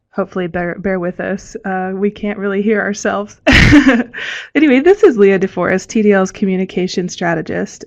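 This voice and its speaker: A woman's voice: mid-range voice, gravelly. A woman MC opening an online member forum in a friendly, hesitant way with many fillers. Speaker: communication strategist and forum MC. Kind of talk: online presentation. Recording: dull, muffled online audio.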